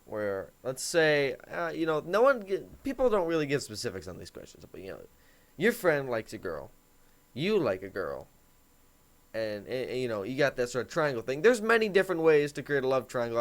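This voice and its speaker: A teenage boy hosting a comedic advice monologue, talking in a joking, mock-authoritative way. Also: mid-range voice. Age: teens. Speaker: host.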